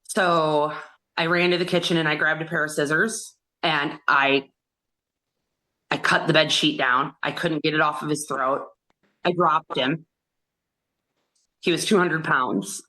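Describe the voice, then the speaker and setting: A woman guest on an interview podcast, retelling a painful memory in an earnest, halting way and acting out other people's words as she goes. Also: sits low, sharp tone. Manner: acts out others' words in quoted dialogue. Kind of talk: personal storytelling in an interview.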